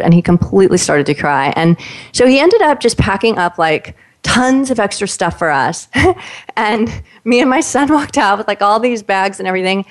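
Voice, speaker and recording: A woman in casual conversation, telling stories in an animated way and acting out what the people in them said. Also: medium pitch, normal speed. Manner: animated storyteller, voices the people in her stories.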